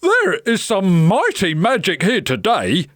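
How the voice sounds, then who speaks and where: A man's voice: high-pitched, wildly swooping pitch, measured pace, fairly bright tone, no echo, studio quality, exaggerated voice. A woman voicing a grand, formal king in a children's storybook, announcing in a proclaiming tone. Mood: stately. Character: grand stately king hosting a tournament.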